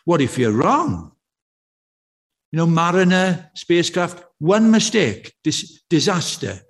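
A man preaches in a church with a slightly high voice, chatty and anecdotal. He keeps turning to his listeners with rhetorical questions. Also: big pitch swings, slow. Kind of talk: sermon.

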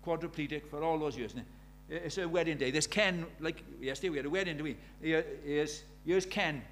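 A middle-aged man preaching a sermon. He drops to near-whispers and then rises to loud, urgent questions. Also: a little high, a little fast, a little hiss or hum. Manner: swings from hushed intimacy to loud urgent questions.

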